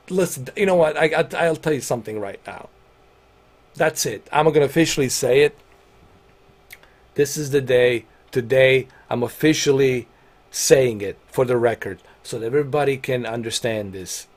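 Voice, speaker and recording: A male game streamer talking loosely over his stream, rambling from one thing to the next with plenty of swearing and bursts of laughter. His pitch sits in an ordinary middle range, and he leans hard into emphatic declarations. A faint background hum runs under his voice. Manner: rambling, profane, laughs often; excited and emphatic. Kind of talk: casual livestream chat.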